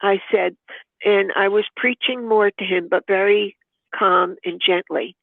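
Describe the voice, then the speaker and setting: Older woman with a gravelly voice on a tinny line. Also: medium pitch, fairly even intonation, unhurried, dry recording. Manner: earnest and devout, acts out remembered dialogue. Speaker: podcast guest. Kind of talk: heartfelt personal storytelling. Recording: tinny phone-like line, dry.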